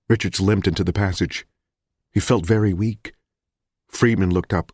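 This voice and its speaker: A man reading a thriller audiobook in a measured, grim narration. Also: sits low, fairly even intonation, a little mellow, husky, dry recording, studio quality.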